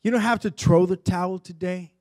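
A male preacher delivering a sermon, rising from quiet storytelling to loud, impassioned exhortation. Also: high-pitched, fairly even intonation, brisk.

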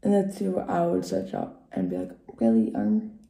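A woman's voice: lowish voice, sing-song, normal speed, creaky, mellow. A woman chatting casually through a makeup tutorial at home, joking and often dropping to a whisper. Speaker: beauty vlogger. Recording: echoey room.

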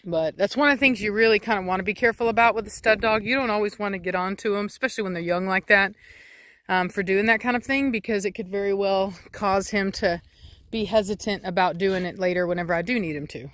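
Woman, dog breeder, bright tense voice, brisk firm commands to her dogs between casual asides. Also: medium pitch. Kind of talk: casual vlog narration.

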